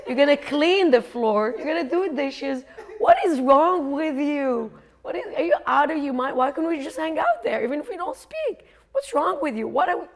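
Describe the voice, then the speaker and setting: A woman voicing her own inner critic, a frantic female voice that yells and scolds her. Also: sits high, animated, moderate pace, creaky, hardly any pauses, voice pushed up. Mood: scolding.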